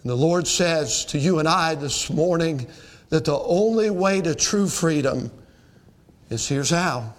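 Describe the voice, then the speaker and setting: A pastor preaching in a fairly high voice for a man. He leans hard on his points and slows into a low, drawn-out delivery for the scripture. His voice rises and falls widely through the sermon. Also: expressive.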